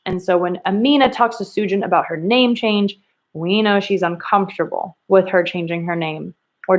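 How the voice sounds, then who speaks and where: Woman teaching a reading lesson. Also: mid-range voice. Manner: slow, emphatic questions to pupils, acting out quoted lines. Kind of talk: recorded remote reading lesson for children.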